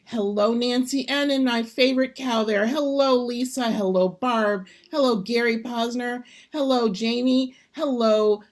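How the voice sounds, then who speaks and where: A woman's voice: fairly high pitch, unhurried, hardly any pauses. Cheery woman greeting viewers by name. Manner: cheerful, rattling off names. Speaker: host.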